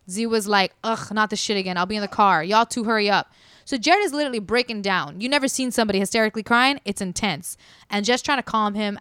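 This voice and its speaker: A woman's voice: medium pitch, clean tone, dry recording, clean studio sound. A woman telling a story casually and animatedly, acting out what people said. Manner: animated, acts out quotes. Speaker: podcast storyteller.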